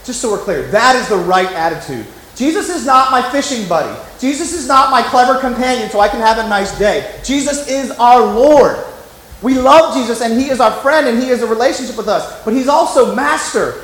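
A man's voice: extremely high pitch, animated, moderate pace, echoey room, poor audio. A man preaching a sermon as pastor, emphatic and conversational, often acting out the voices he quotes.

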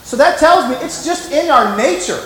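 High-voiced emphatic preacher man. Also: animated, moderate pace, a bit bright, roomy sound, rough recording. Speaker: pastor. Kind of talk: sermon.

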